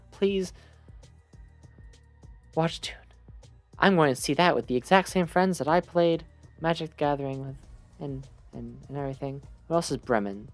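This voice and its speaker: A woman streamer rambling chattily and self-mockingly while playing a game. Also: low voice. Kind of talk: casual gaming commentary.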